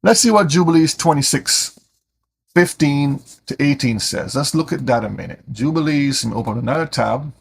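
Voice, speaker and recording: A man teaching scripture in an animated way, often repeating words as he starts a sentence. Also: fairly high pitch, normal speed, gravelly, slight background noise. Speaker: Bible teacher.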